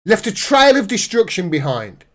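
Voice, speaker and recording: A man's voice: high-pitched, very animated, moderate pace. Sarcastic man ranting. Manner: sarcastic, indignant, reads news aloud. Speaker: political commentary host. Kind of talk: live-stream ranting commentary.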